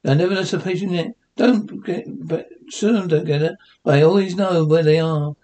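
A man's voice: fairly high pitch, moderate pace, mellow, natural voice. A man voicing a fussy, pompous old horse veterinarian in a 1960s cartoon. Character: doddering old horse veterinarian posing as doctor.

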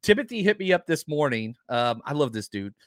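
A man hosting a casual live podcast, talking in a rambling, excitable way with lots of fillers. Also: a little high, brisk, no room sound, studio quality. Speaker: podcast host.

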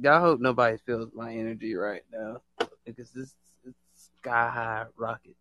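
A man hosting a casual live stream, excitable and slangy, laughing a lot. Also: medium pitch, a little slow.

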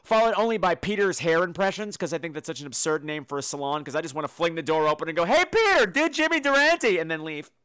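A man hosting a podcast, telling comedic stories in a campy, animated way with sudden loud exclamations. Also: on the high side, fast talker, few pauses, clean tone. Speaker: podcast host. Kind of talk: casual comedic monologue.

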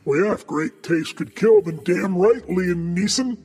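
A man's voice: sits high, measured pace, few pauses, a little mellow, faint music behind. A man hosting a podcast, chatting casually and reading an ad in a loose, joking way. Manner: chatty, self-deprecating, gets choked up. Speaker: podcast host. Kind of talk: casual interview chat and read ad.

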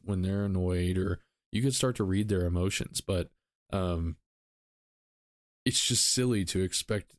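Man, deep voice, solo podcast host, rambling with ums, dry close sound. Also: no echo. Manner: rambling, self-correcting, frequent ums.

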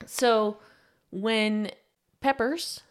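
A young adult woman co-hosting a book club podcast, chatting casually with relaxed, dry, brief replies. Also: a little high, extremely slow. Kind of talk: casual chat.

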